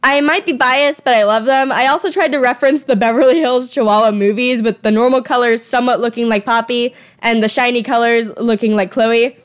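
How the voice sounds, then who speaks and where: A woman's voice: fairly high pitch, steady tone, fairly quick, hardly any pauses, clear, resonant tone. A young woman talking casually over her drawing at home, chatty and self-deprecating, sometimes tripping over her words. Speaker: artist presenting her fan creature designs.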